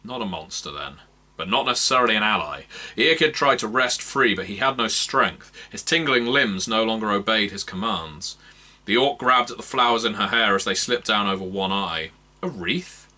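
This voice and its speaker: A man narrating a fantasy novel aloud in a measured, expressive reading. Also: on the low side. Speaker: audiobook narrator. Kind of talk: scripted narration.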